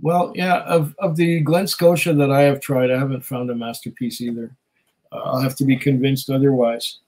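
A man's voice: medium pitch, steady tone, normal speed, darkish tone, poor audio. A man hosting a casual live stream, chatting loosely with many fillers and small laughs while reading viewer comments. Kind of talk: casual chat.

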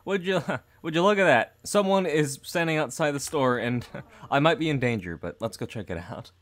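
A man's voice: on the high side, expressive, normal speed, fairly bright tone. A young man commentating a horror game, reading dialogue aloud with nervous jokes and laughter. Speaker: gaming YouTuber.

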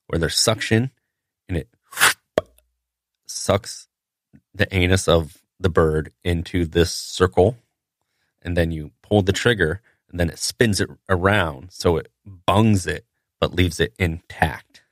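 Man, very low voice, dry, matter-of-fact, casual explaining, butcher podcast host. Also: slow pace, a bit bright, no echo. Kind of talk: casual storytelling.

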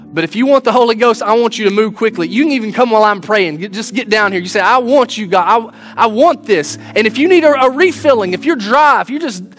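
A man's voice: sits high, fast talker, fairly bright tone. A man preaching a sermon in an earnest, folksy way, restarting his words as he goes. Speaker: pastor. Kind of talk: sermon with closing prayer.

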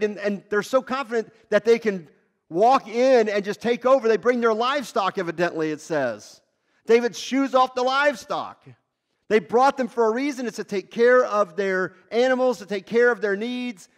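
A male lead pastor preaching a sermon in a conversational, animated way, with wide swings in pitch and loudness.

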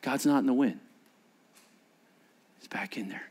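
A male pastor preaching a sermon with animated storytelling, swinging from loud emphasis to hushed asides. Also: mid-range voice, unhurried.

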